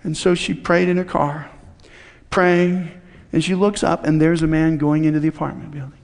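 A man's voice: on the high side, level tone, normal speed, gravelly. A man preaching a sermon in a church, telling a story in a conversational, folksy way and acting out the dialogue. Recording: long hall reverb.

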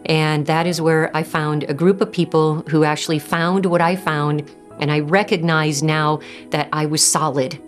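A woman giving a personal faith testimony, earnest and halting, often restarting her sentences. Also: low voice, fairly even intonation, soft background music. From Southern California. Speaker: testimony speaker.

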